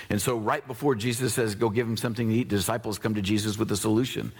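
A man preaching a sermon as pastor, talking casually and conversationally, jumping between excited high bursts and low earnest asides. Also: fast talker, hardly any pauses, slightly rough.

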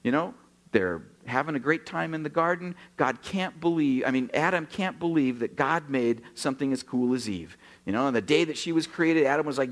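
This man's voice is fairly high, and he keeps a moderate pace. He's a pastor from Oregon, USA, in his sixties, preaching with animated storytelling, acted-out dialogue and jokes for the congregation.

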